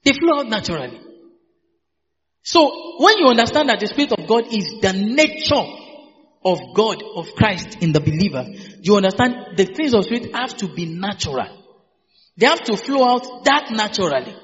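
High bouncy guy preaching, repeats stuff back and forth w the crowd, echoey muffled hall w faint music. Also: very animated, normal speed, fairly bright tone. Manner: emphatic call-and-response preaching, repeating phrases. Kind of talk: sermon.

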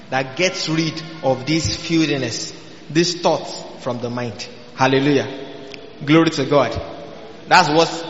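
A man preaching slowly and deliberately. His voice sits a little high and carries a long echo, as if he is in a large hall. The sound is muffled and lo-fi, and he peppers his teaching with call-and-response questions. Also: slight background noise. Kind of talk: sermon. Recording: echoey hall, dull lo-fi sound.

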